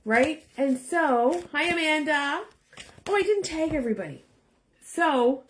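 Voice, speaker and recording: A woman's voice: high voice, animated, takes it slowly, slight background noise. A woman tarot reader chatting casually to viewers, rambling and tagging her points with "right?". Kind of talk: casual live chat to viewers.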